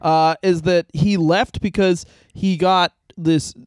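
A man's voice: sits high, fairly even intonation, slow pace, clean tone, no echo. A man co-hosting a comedy podcast, chatting casually with crude, profane jokes. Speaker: podcast co-host.

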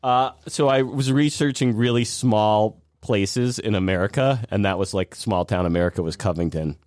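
A man's voice: lowish voice, normal speed, a little mellow, dry recording, studio quality. A man hosting a podcast in casual chat, telling stories and laughing often. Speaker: podcast host.

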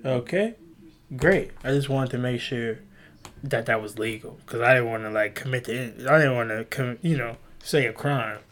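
A man's voice: mid-range voice, moderate pace, a bit bright. A young man rambling on his own podcast from a room at home, self-mocking, loose and profane. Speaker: podcast host. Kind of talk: casual solo podcast rambling.

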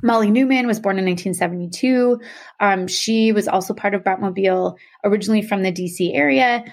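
A woman's voice: mid-range voice, a little fast. A young adult woman explaining a topic to a co-host in casual podcast talk, full of "um" and "like". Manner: chatty, many fillers like "um" and "like".

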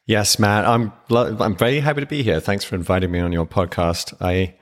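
A middle-aged man from England with a softened English accent, a podcast guest telling his life story in a wry, self-deprecating way. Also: lowish voice, fairly even intonation, brisk, in a large hall. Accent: English, softened by years abroad. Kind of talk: casual interview.

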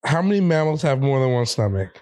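A man co-hosting a casual podcast, animated and quick to swear, often mimicking other people mid-story. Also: mid-range voice, no echo. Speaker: podcast co-host. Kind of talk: casual chat.

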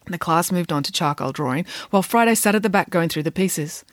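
A woman who writes children's books and hosts a podcast, reading a bedtime story aloud in a measured, expressive way. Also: fairly low pitch, dry recording, studio quality. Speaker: children's author and podcast host.

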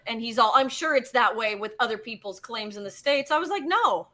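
Brief: woman guest, high bright voice, animated storyteller, salty language. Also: a little fast, few pauses. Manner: animated, swearing, acts out quotes. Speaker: guest geologist. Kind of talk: casual storytelling.

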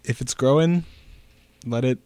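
A man's voice: mid-range voice, a little slow, mellow, dry recording. A man co-hosting a comedy podcast, chiming in with campy, teasing quips. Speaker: podcast co-host. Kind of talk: casual comedic chat.

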